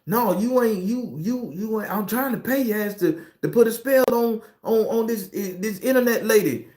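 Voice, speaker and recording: A man's voice: sits high, normal speed, darkish tone, echoey room, close to an everyday voice. A man acting out a crude, demanding male celebrity client who talks in blunt, profane bursts. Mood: aggrieved.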